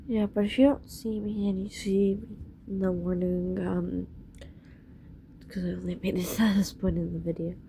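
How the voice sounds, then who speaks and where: A woman's voice: lowish voice, level tone, normal speed, creaky, mellow, slight background noise. A woman vlogging casually at night from her bed, talking sleepily and often in a whisper. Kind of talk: casual late-night vlog. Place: bedroom, in bed under blankets.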